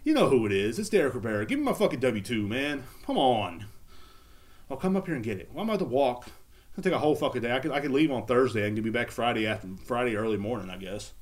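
A man venting on a solo podcast from his house, rambling and cursing in an exasperated way. His voice sits at an ordinary middle pitch but jumps around a lot, rising high when he gets worked up. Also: big pitch swings, fast talker. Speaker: podcast host. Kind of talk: casual solo rant. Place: at home.

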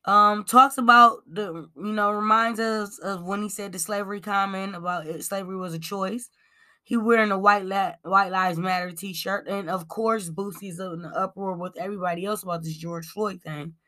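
A woman's voice: medium pitch, fairly even intonation, normal speed, bright, forceful tone. A woman hosting a casual celebrity gossip commentary, talking bluntly and reading from her notes with frequent ums. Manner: swears freely and addresses viewers as y'all. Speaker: commentary show host.

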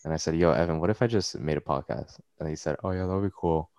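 A man's voice: rumbling low, fast talker, vocal fry, a little mellow, no echo. A young man hosting a podcast, talking loosely with lots of slang and swearing. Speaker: podcast host. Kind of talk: casual chat. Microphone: computer mic.

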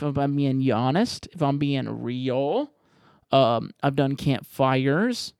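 A man's voice: fairly high pitch, creaky, no room sound, clean studio sound. A man hosting a podcast, answering voicemails in a rambling, profane, jokey way. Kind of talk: casual podcast chat.

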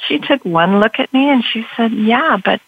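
A woman guest on a radio interview, telling her story in an animated way. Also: fairly high pitch, normal speed, husky. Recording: dull lo-fi radio sound.

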